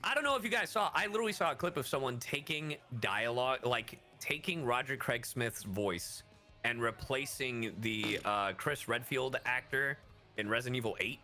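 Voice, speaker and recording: A man's voice: mid-range voice, lively intonation, moderate pace, bright, forceful tone, faint music behind. A man talking in a casual group chat with profane language and many restarts. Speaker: streamer on a group call.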